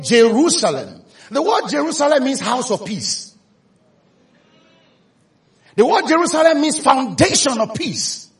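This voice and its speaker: A man with a Nigerian accent preaching a sermon, telling stories with animation and rising to shouts for emphasis. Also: very high-pitched. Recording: echoey hall from a distance.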